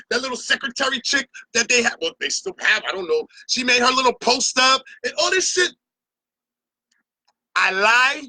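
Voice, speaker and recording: A middle-aged Barbadian man hosts his own opinion show, ranting to camera about a carnival with passion and profanity. His voice is extremely high-pitched and sharp, and the recording has no echo.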